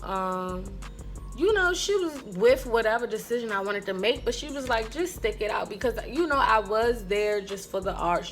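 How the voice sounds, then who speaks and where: A woman telling a story in a casual vlog, animated and profane, laughing often. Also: mid-range voice.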